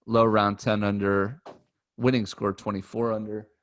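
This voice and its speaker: A man co-hosting a golf podcast, talking in a relaxed, chatty way with frequent ums. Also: fairly low pitch, moderate pace. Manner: relaxed, chatty, says um often. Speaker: podcast co-host. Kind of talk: casual chat.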